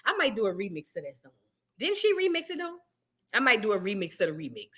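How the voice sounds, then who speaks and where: New lady chatting on her stream, bright sharp voice, slangy and animated. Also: mid-range voice, fast talker, breathy edge. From New Orleans, USA. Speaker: livestream host. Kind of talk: casual livestream chat.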